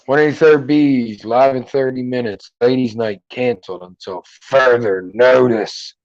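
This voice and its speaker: This middle-aged streamer has a mid-range, slightly mellow voice and a measured pace. Using a headphone and computer mic, he casually reads viewer comments aloud and jokes about them with loose profanity. The recording is dry and muffled.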